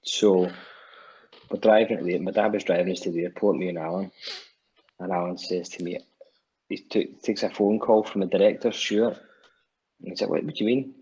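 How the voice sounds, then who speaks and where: A man's voice: deep voice, normal speed, long pauses, slightly rough, highs cut off. A Scottish man, a musician guest, telling a rambling anecdote on a podcast and acting out what people said. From Scotland. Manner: animated storyteller acting out quotes, many restarts.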